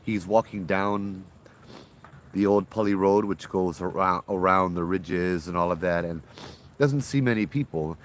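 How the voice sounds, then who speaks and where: A man casually telling a local ghost story outdoors, chatty and relaxed, acting out the voices of the people in it. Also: sits low, measured pace, a little hiss or hum.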